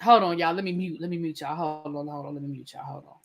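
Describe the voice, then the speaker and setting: A woman reviewing reality TV live, talking straight to her chat in an indignant, animated way. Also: low-pitched, quick pace. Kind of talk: live-stream rant.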